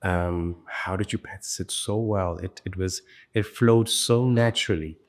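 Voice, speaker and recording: A man's voice: deep voice, unhurried. A South African man hosting an interview, asking chatty questions full of fillers and restarts. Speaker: show host, interviewer.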